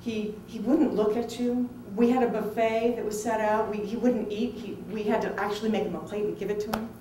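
A middle-aged woman tells a personal story to an audience in a lively, conversational way and acts out other people's lines. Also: medium pitch, a little fast, a little hiss or hum. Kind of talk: personal anecdote told to an audience. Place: film festival venue. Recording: roomy, distant mic with faint ambience.

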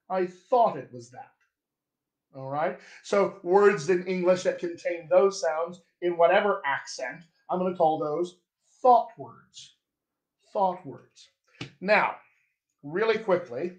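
Slow, slightly high-voiced dialect coach. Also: male voice, roomy sound. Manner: slow, demonstrative, drawn-out vowel examples; chatty, addresses viewers directly. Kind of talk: live-streamed accent lesson. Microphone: webcam or phone on a live stream.

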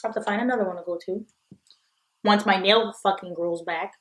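Young woman telling a story while eating, blunt and animated, swears a lot. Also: medium pitch, a little fast. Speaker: vlogger. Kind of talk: storytime mukbang vlog.

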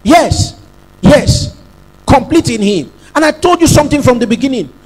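A man's voice: very high voice, lively intonation, moderate pace, darkish tone, slightly rough, rough recording. A man preaching a sermon as pastor, emphatic, repeating phrases and prompting the congregation to say lines back.

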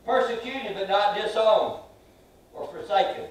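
A man preaching a sermon. He swings between loud, drawn-out shouts and soft asides, and he questions the congregation and has them repeat lines back to him. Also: sits high, far from the mic. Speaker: pastor. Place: large church sanctuary. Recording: very echoey hall, heard from afar.

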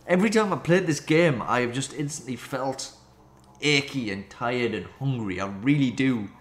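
A man's voice: mid-range voice, moderate pace. Jokey young-sounding man, echoey room. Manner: rambling, jokey asides. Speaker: let's-play host. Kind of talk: reading and reacting to a visual novel. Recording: echoey room with game music.

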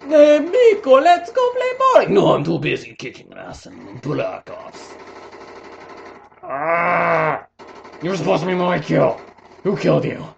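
A young man giving casual, excitable commentary while playing a shooter game, swearing and joking. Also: mid-range voice, gravelly, a little hiss or hum. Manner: excitable, swearing, jokey outbursts. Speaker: gaming commentator.

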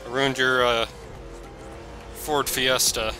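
A man giving excitable, jokey gameplay commentary, yelping and shouting whenever he crashes. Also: mid-range voice, slow pace, soft background music. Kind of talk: let's play commentary.

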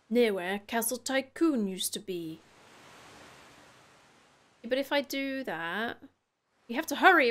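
Woman with a high voice chatting through a game, game music playing behind. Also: a bit bright. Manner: chatty, thinks aloud, swears playfully. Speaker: gaming YouTuber. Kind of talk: casual let's-play commentary.

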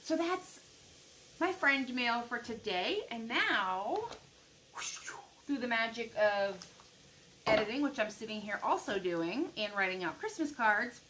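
A middle-aged American woman with a bright, rather high voice gushes excitedly to her viewers as she unpacks gifts. Her casual vlog chat keeps calling out to the audience. A faint hiss of room noise sits under her voice. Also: measured pace, low-quality recording. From United States. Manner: gushing, excitable, addresses viewers as guys. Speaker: vlogger.

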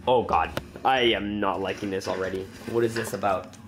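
A man hosting a horror reaction video, talking excitedly, laughing and breaking into startled yells. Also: fairly low pitch, moderate pace, soft background music.

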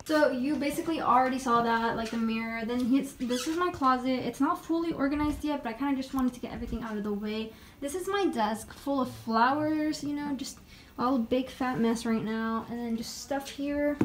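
A young woman with a high, girlish voice chats to her handheld phone camera. She talks in a bubbly, rambling vlog style full of "like" and "literally." A faint hum of surroundings sits behind her. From Texas. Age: young adult. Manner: chatty, bubbly, lots of "like" and "literally". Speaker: vlogger. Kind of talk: casual vlog. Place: college campus and dorm room.

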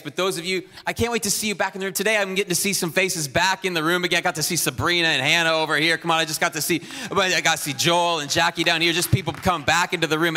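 A fairly high-voiced man preaches in a large hall, his bright, forceful tone trailing long reverb. He exhorts the room with energy, rallying the church as its pastor. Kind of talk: sermon announcements. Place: church auditorium.

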